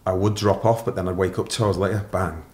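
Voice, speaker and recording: A man's voice: low-pitched, flat delivery, quick pace, echoey room. A middle-aged man, a podcast guest candidly telling his story in a matter-of-fact, casual way.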